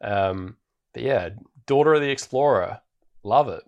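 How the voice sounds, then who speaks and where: A man co-hosting a podcast, recapping a film in a relaxed, rambling way with plenty of fillers. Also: mid-range voice, unhurried, dull audio. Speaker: podcast co-host. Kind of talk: casual film recap chat. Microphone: podcast microphone.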